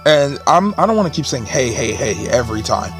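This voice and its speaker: A man's voice: medium pitch, big pitch swings, brisk, fairly bright tone, soft background music. A man hosting a let's play, making casual, chatty and exasperated joking asides between game dialogue. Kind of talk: casual gaming commentary.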